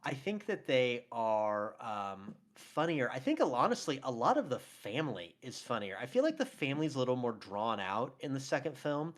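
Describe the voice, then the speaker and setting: A man's voice: medium pitch, sing-song, normal speed, hardly any pauses. A man co-hosting a film podcast, chatting enthusiastically with frequent laughs and fillers. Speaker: podcast co-host. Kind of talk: casual film debate chat.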